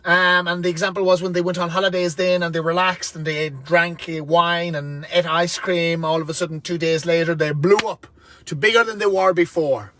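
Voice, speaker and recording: A man's voice: on the high side, steady tone, moderate pace, bright, forceful tone, a little hiss or hum. A man, ranting bluntly and profanely to camera from inside a van. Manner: blunt, sweary and rambling. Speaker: vlogger.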